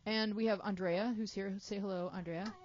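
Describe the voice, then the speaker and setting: A woman's voice: medium pitch, steady tone, moderate pace, lo-fi sound, background noise. A woman hosting a talk show in a chatty, playful way, jet lagged and joking with her young panel. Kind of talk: casual chat.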